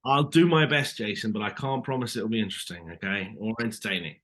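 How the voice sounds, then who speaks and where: A British man with a bright, forceful voice tells stories as an interview guest, talking loosely and filling gaps with little asides. He speaks over a video call. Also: lowish voice, fast. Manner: chatty, lots of "you know" asides. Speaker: actor guest. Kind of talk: casual interview storytelling.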